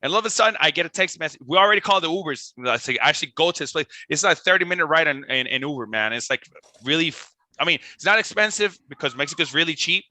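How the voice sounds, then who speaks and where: A young man with a very bright, forceful voice tells a rambling tour story, animated and full of filler words and restarts. His voice sits a little high for a man and sounds dry and close to the mic, with no room around it. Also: fast talker, dry recording. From Costa Rica. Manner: animated, swearing, lots of "like" and restarts. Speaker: band member, podcast guest. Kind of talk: casual storytelling.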